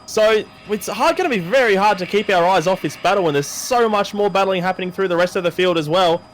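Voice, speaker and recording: A man commentating a sim horse race, excitable and jokey in his play-by-play. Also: sits high, quick pace, a little hiss or hum.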